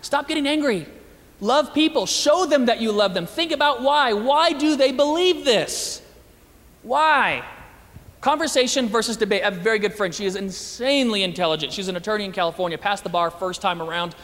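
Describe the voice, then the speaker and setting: A man giving a lively, joking talk to an audience as a Christian speaker, acting out the voices he quotes. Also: high-pitched, fairly quick, in a large hall.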